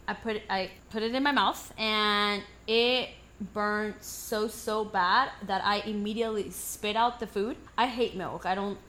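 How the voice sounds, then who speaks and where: A woman in casual podcast chat, telling a long story with lively, profane delivery. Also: mid-range voice, unhurried. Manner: animated storyteller, swears freely. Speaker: podcast co-host.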